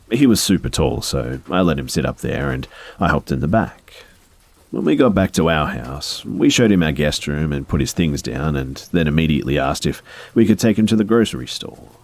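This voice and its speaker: Very deep-voiced male story narrator. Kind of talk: scripted first-person story narration over gameplay.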